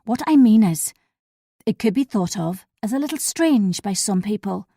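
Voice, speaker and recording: A woman's voice: medium pitch, lively intonation, normal speed, dark tone, no room sound, studio quality. A woman reading an uneasy, guarded man. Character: male friend, awkward and guarded.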